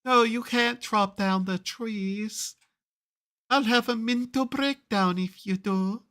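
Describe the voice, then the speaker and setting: A man doing a fretful tree-loving elf. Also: takes it slowly. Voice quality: higher, soft, effeminate voice. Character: fussy tree-loving elf with an odd accent.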